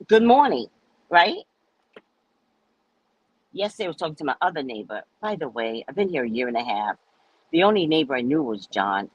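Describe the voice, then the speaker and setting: Animated, profane woman telling a story. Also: low voice, slightly rough, rough recording. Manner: animated, profane, acts out quoted people. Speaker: psychic reader and host. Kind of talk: casual storytelling to viewers.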